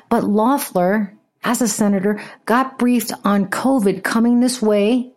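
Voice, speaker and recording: A woman hosting a podcast, giving casual, sarcastic political commentary with frequent swearing. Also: mid-range voice. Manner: sarcastic, profane, animated. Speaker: podcast host.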